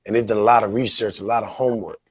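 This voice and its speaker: A man's voice: on the low side, steady tone, very fast, husky, no room sound. A man hosting a talk show, earnest and conversational, often leaning on filler phrases as he gives commentary. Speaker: host.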